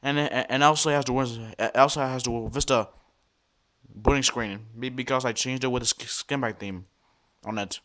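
A man giving casual commentary over a computer screen recording, talking to viewers in a halting, excitable way and often repeating and restarting words. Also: medium pitch. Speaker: computer vlogger.

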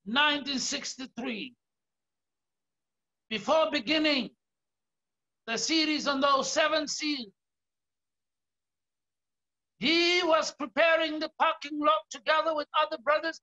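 South African male pastor, high bright voice, slow deliberate sermon delivery, dull lo-fi recording. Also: fairly even intonation. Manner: emphatic preaching, often raising his voice and stretching key words.

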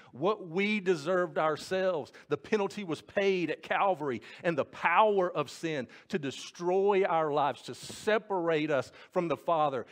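A male pastor preaching a sermon, rising to stress points and dropping soft at the ends of phrases. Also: a little high.

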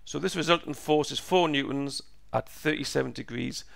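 A man teaching a step-by-step physics lesson, slow and patient, repeating each step, his voice croaky and going hoarse. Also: medium pitch, fairly bright tone, no echo, clean studio sound. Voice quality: gravelly, croaky.

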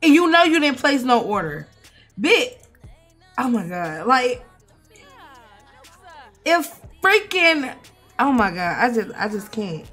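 A young woman, giving animated, swearing, mock-outraged commentary as she plays a life-sim game. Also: a little high, slow pace, pauses often, soft background music. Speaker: gaming streamer. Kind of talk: casual gameplay commentary.

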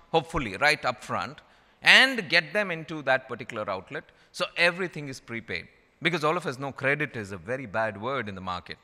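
A man's voice: medium pitch, pushed and bright. A middle-aged man from India with an Indian English accent, giving a storytelling keynote talk and repeating phrases for emphasis. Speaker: conference speaker. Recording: long hall reverb.

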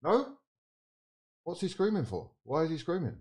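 Man, football watchalong streamer, hugely animated delivery, slightly high voice, shouts and swears. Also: normal speed, breathy edge. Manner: excitable, swearing, shouting reactions. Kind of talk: live football watchalong reaction.

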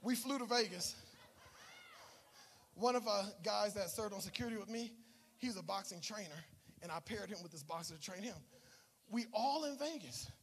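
High-voiced animated male pastor preaching. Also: normal speed, long pauses, slightly rough. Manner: animated storytelling, shouting and dropping to a hush. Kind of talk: sermon. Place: church sanctuary.

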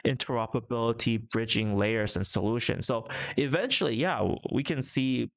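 Casual crypto stream host, male, rambling, fillers, gravelly tone, office. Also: medium pitch, moderate pace, a bit bright. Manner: rambling, many fillers and restarts. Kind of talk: casual live stream chat.

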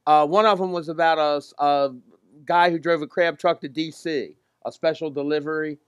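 A man hosting a story swap, relaxed and prompting his guests to share. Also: fairly high pitch, normal speed, clear, resonant tone, no room sound. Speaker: host.

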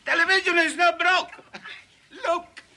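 A gruff old father in broken English. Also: very high voice, fairly even intonation, measured pace, very noisy. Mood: grumpy. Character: gruff older immigrant father, stubborn. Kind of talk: 1950s film comedy acting.

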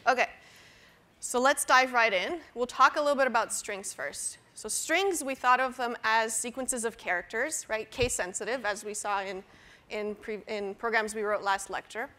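A woman's voice: a little high, normal speed, sharp tone. A woman lecturing a university class on programming, explaining step by step with fillers and restarts. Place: lecture hall.

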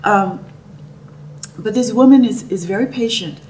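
A middle-aged woman recounts a personal story in an animated way, dropping at times into near-whispers. Her voice sits at a mid pitch and is heard from some distance off the mic. A clear, noisy background hum runs underneath. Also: measured pace. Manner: animated, dips into soft whispers. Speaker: speaker telling a personal story.

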